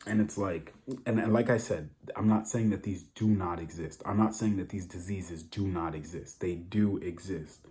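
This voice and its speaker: A man's voice: lowish voice, dark tone. A man talking casually to camera, giving blunt opinions with a lot of repetition and rhetorical asides. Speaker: vlogger.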